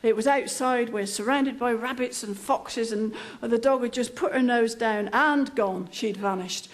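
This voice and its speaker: A middle-aged woman telling a humorous anecdote in a dry, self-mocking, conversational manner. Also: mid-range voice. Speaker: comic storyteller. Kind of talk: humorous anecdote told on stage.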